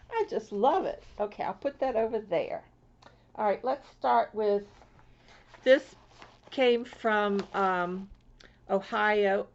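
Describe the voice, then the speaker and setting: A woman from Florida chatting casually to her viewers as she opens mail, gushing and excitable and swooping high over each gift. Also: measured pace. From Florida, USA. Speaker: crafting vlogger. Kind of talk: casual chat opening mail. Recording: lo-fi home video sound.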